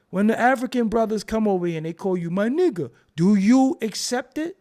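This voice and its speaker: A man's voice: high voice, normal speed, hardly any pauses, a little mellow. A young man who hosts a commentary vlog and rants bluntly, cursing and repeating himself. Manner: blunt, profane, repetitive. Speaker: commentary channel host. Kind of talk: ranting commentary.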